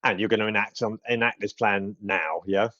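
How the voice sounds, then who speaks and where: A man narrating as game master, halting often with ums and restarts. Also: lowish voice, fairly even intonation, sharp tone, no room sound, lo-fi sound.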